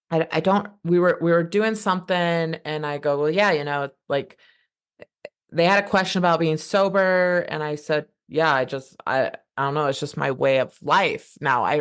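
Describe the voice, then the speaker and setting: A woman in her thirties, a guest on a podcast, rambles passionately and fired up through a casual conversation, often restarting her sentences. She speaks at a moderate pace in a low, clean-toned voice.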